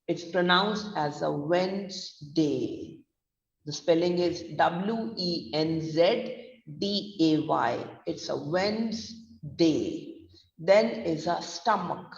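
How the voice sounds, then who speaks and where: A man with a Gujarati accent teaching pronunciation, spelling each word out letter by letter and repeating it slowly. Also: on the high side, creaky. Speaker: pronunciation trainer. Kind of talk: online pronunciation lesson. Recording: distant, echoey, dull lo-fi room sound.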